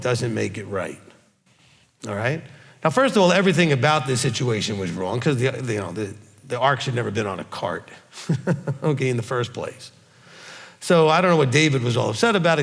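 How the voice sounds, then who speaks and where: A man's voice: mid-range voice, creaky. A man, teaching as a rabbi in a folksy sermon style, often checking in with "okay?". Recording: long hall reverb.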